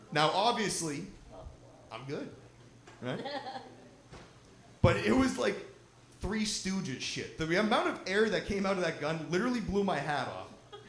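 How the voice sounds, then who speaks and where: A young man with a fairly high voice works a stand-up set, swearing freely and telling his story with lively energy. The sound is roomy and echoing, and clear background noise from the live show sits under him. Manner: profane, storytelling, animated delivery. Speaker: stand-up comedian. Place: lodge venue, live show.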